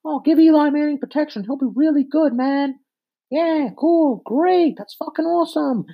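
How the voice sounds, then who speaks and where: A man mocking a football fan with a sneering, high-pitched voice. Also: normal speed, vocal fry, dull audio.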